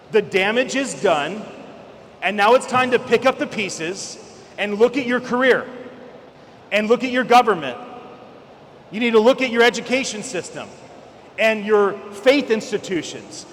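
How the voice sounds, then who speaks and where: High-voiced man keynoting in echoey hall. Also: a little hiss or hum. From California. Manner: energetic, emphatic, bursts into shouts for emphasis. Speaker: conference keynote speaker. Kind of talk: keynote speech with storytelling. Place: large event hall. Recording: echoey hall with faint ambience.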